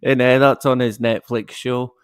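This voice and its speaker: A man's voice: mid-range voice, little pitch movement, unhurried, clean tone, dry recording, studio quality. A man chatting as a guest, hesitant and laughing as he tells stories. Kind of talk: casual chat.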